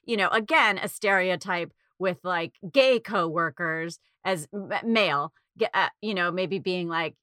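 A woman's voice: fairly low pitch, unhurried, hardly any pauses, a bit bright, dry recording, studio quality. A woman in casual conversation, thoughtful and reflective, with lots of fillers as she talks through an idea. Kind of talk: casual chat.

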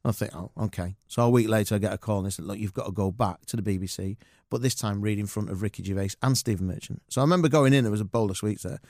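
A man's voice: on the low side, racing, hardly any pauses, no room sound, clean studio sound. A man, a guest telling showbiz anecdotes in a casual interview, acting out other people's lines as he goes. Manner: animated anecdotes with quoted voices and laughter.

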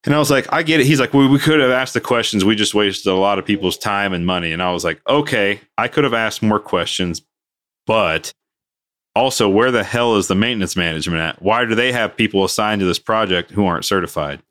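Another work story comes from a podcast co-host with a lowish voice who talks briskly. He's animated in the casual chat, performing the quoted dialogue.

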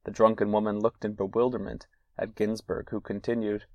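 A man's voice: lowish voice, monotone, fast talker, hardly any pauses, no echo. A man hosting a solo podcast, reading old letters and anecdotes aloud with casual asides and fillers. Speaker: podcast host.

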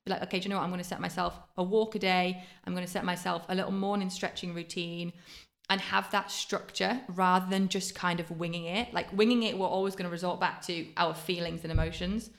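A woman, a fitness coach giving quick practical advice in casual podcast chat. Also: on the low side, steady tone, vocal fry. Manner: fast, practical advice with many fillers.

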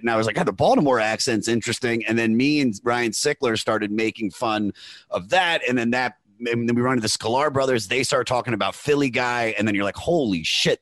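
A man's voice: mid-range voice, a bit bright, no echo. A man from Pennsylvania hosting a podcast, chatting eagerly and swearing as he rambles about music. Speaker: podcast host. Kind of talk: casual chat.

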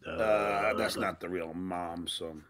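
A man's voice: low voice, steady tone, takes it slowly, a bit bright. A man co-hosting a podcast in crude, casual banter, running the clips. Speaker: podcast co-host.

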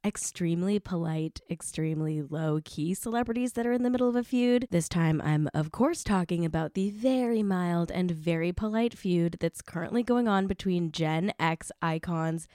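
A woman hosting a chatty celebrity news recap, gossipy with animated asides. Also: fairly low pitch, moderate pace, few pauses, dry recording, clean studio sound.

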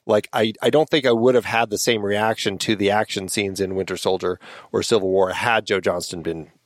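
A man's voice: on the low side, steady tone, a little fast, dry recording. Man hosting a film podcast, dry sound. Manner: thoughtful, rambling with restarts. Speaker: podcast host. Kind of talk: casual film discussion.

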